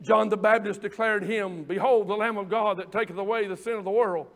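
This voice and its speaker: A man preaching a fervent sermon, rising to shouts and calling out to the congregation. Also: sits high, steady tone, a little fast.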